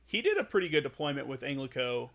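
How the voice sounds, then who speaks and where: A man's voice: mid-range voice, very animated, quick pace, vocal fry, fairly bright tone. A man hosting a casual podcast interview, talking bluntly with plenty of swearing and repeated words. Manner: blunt, profane, repeats words while thinking. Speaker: podcast host.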